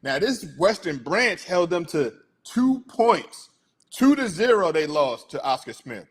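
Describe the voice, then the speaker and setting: A man's voice: high voice, very animated, unhurried, breathy edge. A middle-aged man hosting a casual sports talk show, chatty and hyped, laughing often.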